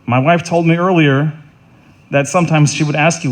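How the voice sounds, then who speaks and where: A middle-aged man delivering a funeral eulogy in an earnest, halting way, often repeating words and restarting. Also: a little high, steady tone. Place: funeral service.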